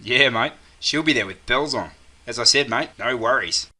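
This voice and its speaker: A man's voice: medium pitch, moderate pace, pushed and bright. A man playing a cheery Australian mate calling about a barbecue, with easygoing slangy chatter and an Australian accent. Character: cheery Aussie mate on the phone. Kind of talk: scripted comedy sketch.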